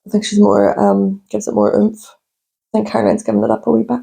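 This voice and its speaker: Young woman, podcast co-host, a slight gravel in her voice, animated storyteller. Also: mid-range voice, fast. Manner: animated storytelling, acts out people she met. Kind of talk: casual chat.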